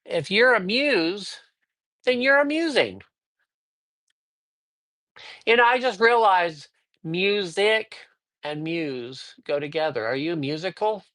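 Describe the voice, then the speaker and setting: A man's voice: sits high, lively intonation, takes it slowly, pauses often, pushed and bright, no room sound. A man doing a livestreamed card reading, upbeat and chatty, rambling a little and greeting viewers by name. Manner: rambling, with frequent fillers. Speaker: psychic reader. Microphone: livestream microphone.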